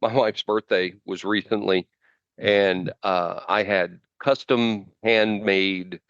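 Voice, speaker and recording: A man co-hosting a podcast in casual chat, rambling and halting with lots of fillers and restarts. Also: low voice, no room sound, lo-fi sound. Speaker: podcast co-host.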